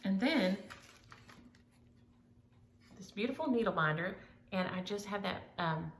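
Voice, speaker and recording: Gushing woman with gravelly voice. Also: mid-range voice, lively intonation, unhurried, echoey room, a little hiss or hum. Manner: chatty, gushing, scattered. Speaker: flosstube vlogger. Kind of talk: casual chat showing mail.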